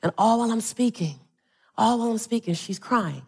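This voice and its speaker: A woman's voice: a little high, fairly quick, husky. A middle-aged woman speaking on stage to a live audience, telling playful stories and building to rhythmic motivational calls.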